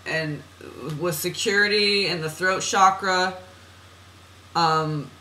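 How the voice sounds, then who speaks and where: An oracle card reader with a fairly low, pushed, bright voice speaks slowly with fairly even intonation on a low-quality recording. Her spiritual card reading monologue for a client is chatty and meandering, full of laughing at herself and drifting tangents.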